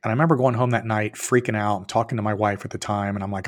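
Animated storytelling man, lowish voice. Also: very fast, few pauses. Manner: animated storyteller who acts out both sides of quoted dialogue; swears casually, plain-spoken. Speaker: podcast guest, entrepreneur. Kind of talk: storytelling in a podcast interview.

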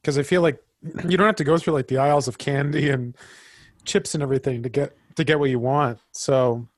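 Mid-pitched man with dry humor. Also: fairly even intonation, fairly quick, dry recording. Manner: stammering restarts, dry humor. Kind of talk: casual chat.

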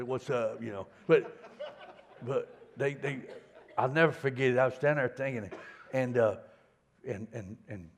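A middle-aged man preaching a sermon in a folksy, stammering way, dropping to a hush and then building loud. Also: mid-range voice. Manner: folksy, repeats words, swings from hushed to loud. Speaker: pastor.

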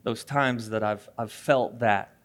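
A man's voice: mid-range voice, slow, fairly bright tone. A male pastor in his thirties preaching a sermon in a conversational way, telling a family story and acting out little voices along the way.

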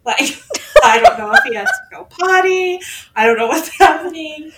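A woman's voice: very high-pitched, huge pitch swings, moderate pace, heavy background noise. A woman in her forties chatting casually from her bedroom floor into a microphone, laughing often and poking fun at herself. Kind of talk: casual chat. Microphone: desk microphone.

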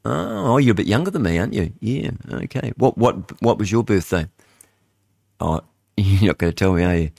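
A man, hosting talk radio in a chatty, rambling way, reading headlines aloud and thinking out loud. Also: fairly low pitch, lively intonation, moderate pace, vocal fry, no echo, clean studio sound. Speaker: radio host. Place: radio studio.

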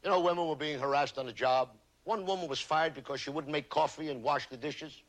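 Fairly quick and fairly bright, with a voice on the high side, a man performs a punchy comedy monologue. It's played from a noisy archival TV broadcast with a live audience, his punchlines rising over the crowd's laughter.

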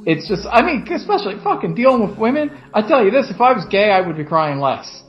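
A man's voice: high-pitched, very animated, fast talker, highs cut off, faint music behind. A man from Philadelphia co-hosting a casual chat, rambling and swearing often, laughing as he talks. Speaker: podcast co-host.

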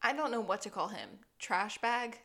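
A woman's voice: mid-range voice, sing-song, normal speed, vocal fry, sharp tone. A woman co-hosting a podcast, animatedly recapping a TV episode, quoting characters' lines and laughing a lot. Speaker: podcast co-host. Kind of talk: casual chat recapping a TV episode.

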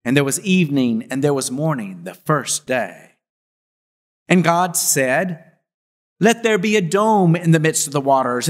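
A man, a pastor, reading scripture and preaching in a measured, deliberate way in a church. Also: fairly high pitch, big-room sound. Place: church sanctuary.

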